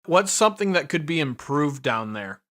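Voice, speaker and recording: A man's voice: fairly high pitch, big pitch swings, moderate pace, a bit bright, a little hiss or hum. A man hosting a podcast, giving brief interjections and questions in casual chat. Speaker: podcast host.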